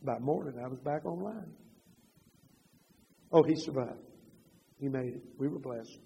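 An older man preaching a sermon, moving from loud emphatic passages to quiet confessional storytelling. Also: mid-range voice, a little slow, vocal fry, slight background noise. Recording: dull reverberant hall.

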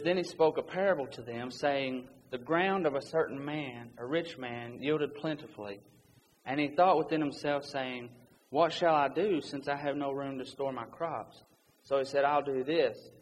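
Reading scripture between his points, this preacher sounds earnest and urgent. His mid-pitched voice rings through a church hall with long reverb, and a faint hiss runs underneath.

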